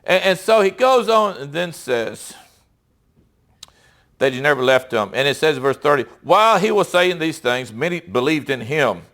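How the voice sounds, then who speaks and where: High-voiced man preaching conversationally. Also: big pitch swings, fairly bright tone. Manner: conversational, reads scripture aloud with pauses and self-corrections. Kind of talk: sermon.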